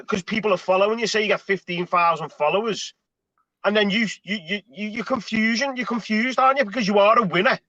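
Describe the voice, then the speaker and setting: Bright high man on dull dry audio. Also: no echo. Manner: rambling, repeats himself, slangy. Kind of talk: casual panel chat.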